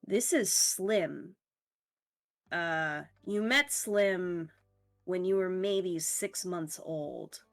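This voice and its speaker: A woman running a tabletop game as game master, narrating in a casual, halting way with fillers and a bit of swearing. Her voice sits on the lower side and she takes her time, with soft music playing faintly behind her.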